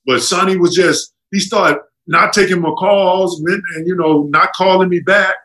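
A middle-aged man with a high, bright voice tells stories in a relaxed chat. He talks with energy and acts out the other people in his stories by shifting his pitch. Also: moderate pace, poor audio. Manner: animated, acts out quotes with jumps in pitch. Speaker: guest telling stories. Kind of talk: casual storytelling.

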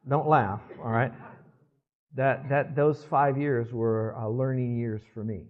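A man's voice: medium pitch, steady tone, takes it slowly. A man in his sixties, a pastor preaching a sermon and often asking the congregation to respond. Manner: conversational, asks the congregation for responses. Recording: dull lo-fi sermon recording.

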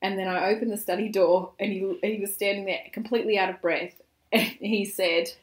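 Woman, podcast co-host, lively storyteller, roomy echo. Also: mid-range voice, a little fast. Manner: animated storyteller, acts out quotes. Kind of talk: casual chat.

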